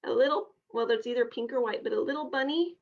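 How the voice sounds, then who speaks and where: A woman children's minister giving a live storytime, reading a picture book aloud to children with an expressive read-aloud manner. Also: fairly high pitch, fast, dull audio. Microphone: livestream device.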